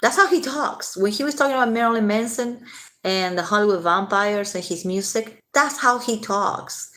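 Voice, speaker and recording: A woman's voice: mid-range voice, normal speed, pushed and bright. A woman hosting a casual late-night livestream, chatting with viewers, answering their comments and swearing freely.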